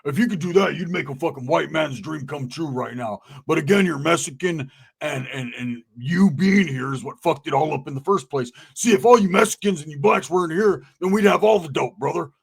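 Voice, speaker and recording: A man's voice: on the high side, brisk, creaky, slightly rough. A man voicing his crude, hot-tempered, broke white friend, who rants profanely and calls everyone brother. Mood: bitter.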